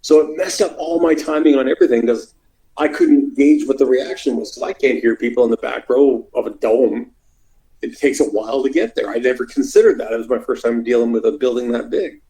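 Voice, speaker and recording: Gravelly, animated man telling wrestling stories. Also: brisk, poor audio. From Canada. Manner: animated, acts out quotes in loud high voices. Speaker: interview guest, former wrestler. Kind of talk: casual storytelling.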